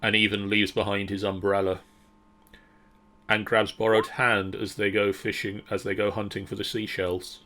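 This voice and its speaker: A man narrating as the game master of a tabletop role-playing game in a calm, steady way. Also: lowish voice, moderate pace.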